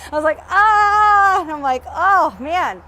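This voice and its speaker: A woman's voice: high-pitched, lively intonation, normal speed, bright, forceful tone. A woman business coach chatting on a live stream while walking home outdoors, upbeat and a little out of breath, often greeting her viewers. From Texas. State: slightly out of breath.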